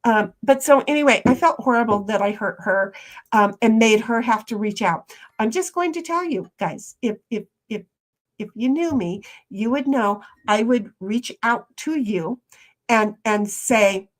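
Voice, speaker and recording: Chatty higher-voiced woman streamer. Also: unhurried. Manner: rambling, chatty, with many restarts. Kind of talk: casual livestream chat.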